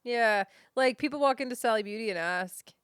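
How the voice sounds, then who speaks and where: A young American woman co-hosting a podcast, explaining things in a low-key casual way. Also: brisk, a bit bright, clear, resonant tone, no room sound, studio quality. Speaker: podcast co-host. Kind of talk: casual chat.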